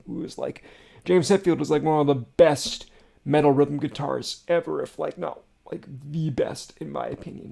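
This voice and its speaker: A man hosting a music reaction video, chatting casually and excitedly, with lots of fillers and swearing. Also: on the high side, creaky, slightly rough.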